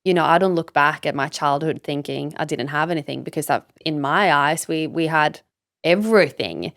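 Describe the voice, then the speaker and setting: A woman's voice: sits low, moderate pace, gravelly, a bit bright, no room sound, clean studio sound. A woman from Sweden, a business coach talking as a guest on a podcast, candid and emphatic, swearing freely and leaning on "like" and "you know". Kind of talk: casual podcast interview.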